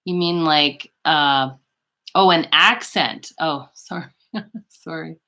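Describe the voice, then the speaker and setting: Low bright-voiced chatty Canadian woman. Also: takes it slowly. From western Canada. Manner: chatty and rambling, full of fillers and asides. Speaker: beauty vlogger hosting a live stream. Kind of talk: casual live chat, reading viewer comments.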